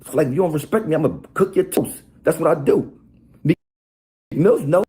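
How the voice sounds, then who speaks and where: A man delivering a mocking, rapid-fire rant of trash talk. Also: on the high side, warm tone. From Harlem, New York. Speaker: rapper in played video clip. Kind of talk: animated insult rant.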